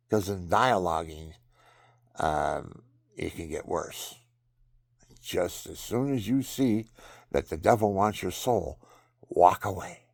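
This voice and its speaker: A man's voice: deep voice, vocal fry, no echo, studio quality. An older man rambling through personal stories and religious advice, often restarting sentences and chuckling at himself. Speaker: vlogger telling personal stories.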